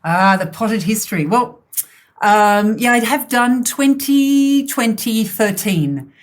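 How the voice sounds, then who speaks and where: A middle-aged woman from Australia, a guest talking about her career in a chatty, halting way. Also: on the high side, lively intonation. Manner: chatty, hesitant with fillers and restarts. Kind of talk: casual interview.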